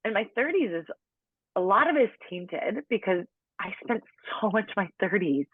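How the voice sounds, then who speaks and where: Conversational storytelling from a late-30s podcast guest: her mid-range voice is animated, slightly rough, and at normal speed. She chats freely, leans on "like," and plays the people she quotes, heard over a tinny, dry phone line with no echo.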